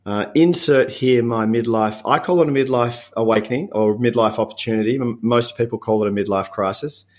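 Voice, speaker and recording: A man in his fifties with an Australian accent, a podcast guest talking in a relaxed, reflective way with frequent chuckles and halting restarts. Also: medium pitch. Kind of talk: casual interview chat.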